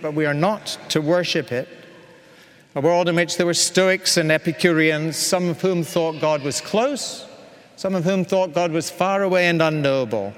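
A man preaching a sermon in an earnest, measured way, with emphatic repetition. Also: high voice, a bit bright. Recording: long hall reverb.

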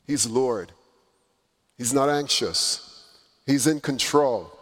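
Slow-preaching man in a reverberant hall. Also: medium pitch, expressive, fairly bright tone. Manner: emphatic preaching with dramatic pauses and swelling emphasis. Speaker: pastor. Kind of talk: sermon. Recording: long reverb in a large hall.

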